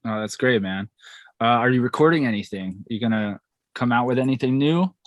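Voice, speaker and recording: A man hosting a music podcast in a relaxed, upbeat way. His voice sits at an average pitch and sounds dry and close, with no room echo. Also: brisk, lo-fi sound. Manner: upbeat, friendly, chatty questions. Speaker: podcast host. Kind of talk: casual podcast interview.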